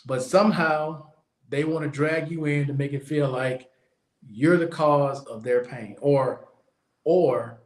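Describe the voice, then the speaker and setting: This podcast host is a man with a fairly high voice who talks slowly in a blunt, casual monologue, repeating his points to drive them home. The recording has an echoey room sound.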